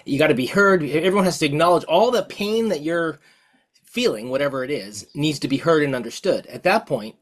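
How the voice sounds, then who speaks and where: A podcast co-host chatting casually, telling stories with halting restarts and laughter. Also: medium pitch, lively intonation. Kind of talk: casual conversation.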